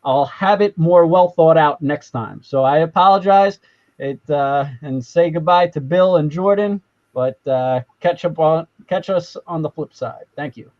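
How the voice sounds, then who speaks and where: A man hosting a casual live-stream chat, rambling and excitable with many restarts. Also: fairly high pitch, a little slow. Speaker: host. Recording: lo-fi, dull sound.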